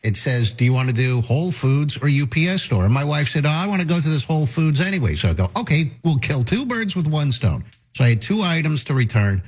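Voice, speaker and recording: A man's voice: medium pitch, big pitch swings, brisk, few pauses, breathy edge. A middle-aged man hosting a radio show, telling a long rambling anecdote full of restarts and acted-out quotes. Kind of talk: casual talk radio storytelling.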